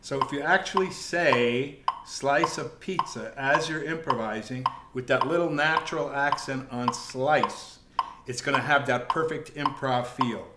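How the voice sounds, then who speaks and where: A man teaching jazz piano improvisation, explaining in a calm, measured way. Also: mid-range voice, heavy background noise. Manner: calm, measured explaining with scat syllables and counting. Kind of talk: music lesson explanation.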